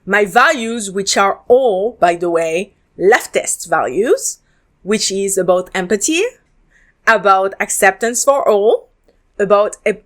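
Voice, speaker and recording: A woman talks through her thoughts on a drama in a relaxed solo podcast. She is candid and chatty, with plenty of ums and false starts. Her pitch sits in the middle range for a woman. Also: slow. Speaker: podcast host reviewing dramas. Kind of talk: casual solo podcast review.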